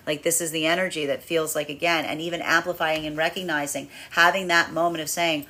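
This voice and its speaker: A woman tarot reader talking through a collective energy reading, rambling and animated, acting out little inner voices as she goes. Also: fairly low pitch, normal speed, hardly any pauses. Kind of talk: spiritual energy reading, monologue.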